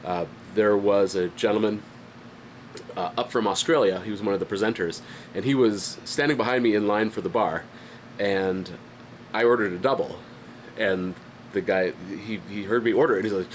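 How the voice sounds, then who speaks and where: A man's voice: on the low side, brisk, a little hiss or hum. A man giving a casual, rambling vlog update about his art business, stuffy-headed with a light cough and lots of fillers. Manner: rambling, self-deprecating, frequent fillers and restarts. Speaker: independent artist and channel host. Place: home studio.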